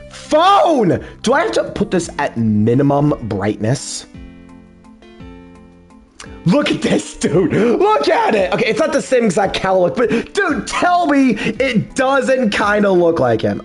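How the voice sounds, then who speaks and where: A man's voice: sits high, sing-song, a little slow, faint music behind. A young man doing casual, rambling, giddy gaming commentary between dub lines. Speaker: fan dubber and let's player.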